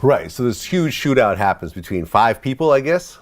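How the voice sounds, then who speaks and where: A man's voice: medium pitch, big pitch swings, normal speed. A man interviewing a guest in a casual interview, prompting with short affirmations and summaries.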